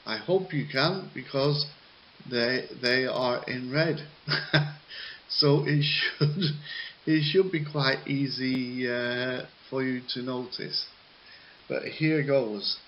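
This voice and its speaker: A male English teacher talks through exercise answers very slowly, with a patient, jokey manner and plenty of ums. The sound is a little muffled, and a faint hiss runs underneath. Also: medium pitch. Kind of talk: recorded classroom lesson.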